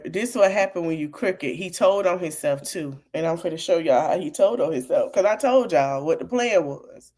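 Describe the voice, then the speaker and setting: Animated woman podcaster. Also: on the low side, moderate pace, few pauses. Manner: animated, laughs often, talks straight to the audience. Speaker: podcast host. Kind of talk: casual political commentary.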